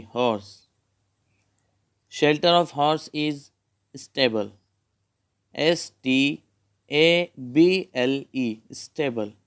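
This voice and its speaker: A man with an Indian English accent teaches a spelling lesson to young children. He speaks very slowly and deliberately, naming each letter in turn. His voice is smooth and clear. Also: medium pitch.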